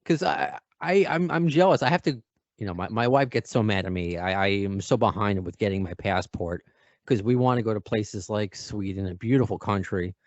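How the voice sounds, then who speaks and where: A man's voice: fairly low pitch, moderate pace, dry recording, muffled recording. A man with a New York accent hosting a podcast, chatty and self-deprecating as he chats with his guest. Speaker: podcast host. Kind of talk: casual interview chat.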